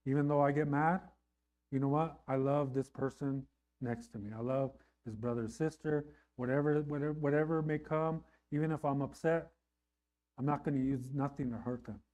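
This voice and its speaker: A pastor preaches a sermon earnestly and conversationally, often checking in with his listeners. His voice is mid-range and darkish, with fairly even intonation at a moderate pace.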